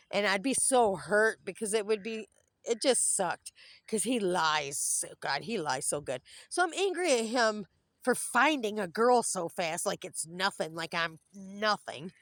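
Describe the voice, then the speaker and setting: Brief: woman vlogger, irritable rambling monologue, low-ish voice, dry close sound, outdoors by a pond. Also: a bit bright, no echo. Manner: irritable, cranky venting. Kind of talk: casual rambling monologue to camera.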